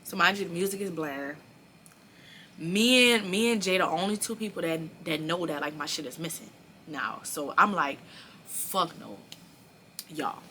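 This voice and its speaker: A young woman telling a storytime to her viewers in a casual, animated, profane way. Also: fairly low pitch, normal speed, slight background noise. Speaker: vlogger.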